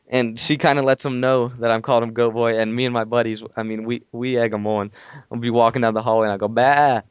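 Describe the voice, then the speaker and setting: A young man calls in from home to tell a long, rambling story, circling back and restarting as he goes. His voice sounds smooth and clear. The audio is dull and muffled, dry with no room sound. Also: mid-range voice, dry recording. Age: young adult. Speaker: podcast co-host. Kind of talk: casual storytelling. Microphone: call-in from home.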